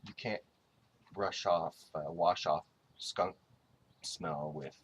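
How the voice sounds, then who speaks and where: Low-voiced man rambling fondly to his dog. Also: muffled recording, a little hiss or hum. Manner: rambling, halting, with restarts. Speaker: dog owner giving a tribute. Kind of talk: casual spoken tribute.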